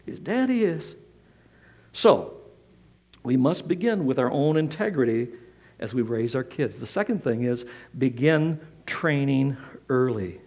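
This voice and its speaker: A man's voice: mid-range voice, animated, measured pace, darkish tone. A middle-aged pastor preaching a sermon in church, emphatic and repeating his key lines.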